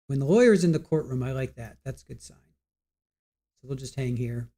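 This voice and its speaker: Streaming from a computer at home, a man chats loosely with his viewers, speaking directly to the chat, trailing off, and restarting his sentences. His voice is at an ordinary male pitch, mellow and rather dark, and his delivery is animated and a little fast.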